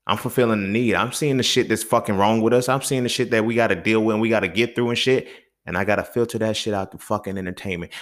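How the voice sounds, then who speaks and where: A young man with a fairly low voice delivers a fired-up solo podcast rant, swearing freely. He jumps from loud, sharp outbursts to low, muttered asides. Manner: heated, profane, swings between loud outbursts and low mutters. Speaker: podcast host.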